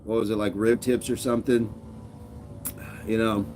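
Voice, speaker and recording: A man's voice: fairly low pitch, flat delivery, normal speed, darkish tone, slight background noise. A man hosting a casual live stream, upbeat and laughing often as he reads out viewer comments. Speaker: fitness streamer.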